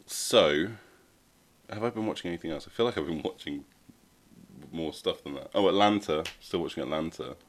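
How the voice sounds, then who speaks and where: A man's voice: deep voice, moderate pace, slight background noise. A man co-hosting a casual podcast chat, laid-back and joking, laughing often. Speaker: podcast co-host.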